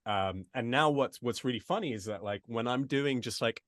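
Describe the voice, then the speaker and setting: A man's voice: medium pitch, normal speed, fairly bright tone, no room sound. Man, English accent, chatty voice actor, restarts a lot, dry close sound. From United States. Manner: chatty, many restarts and asides. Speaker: voice actor guest. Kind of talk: casual interview chat.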